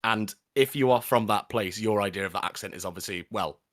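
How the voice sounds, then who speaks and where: A Welsh man, a voice actor, chatting casually on a live stream and telling stories in a lively, animated way. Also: fairly low pitch, a little fast, no room sound, clean studio sound. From Wales.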